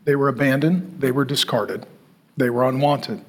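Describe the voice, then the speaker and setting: A male pastor preaching a sermon in an emphatic way, repeating phrases and pausing for effect. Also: mid-range voice. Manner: emphatic, repetitive, with dramatic pauses.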